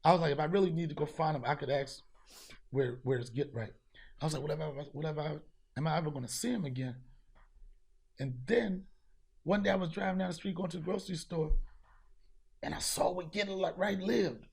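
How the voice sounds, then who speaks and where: A man hosting a podcast, telling a street story in casual chat, profane and animated, acting out the people he met. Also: fairly high pitch, brisk, vocal fry, long pauses, slightly rough. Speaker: podcast host.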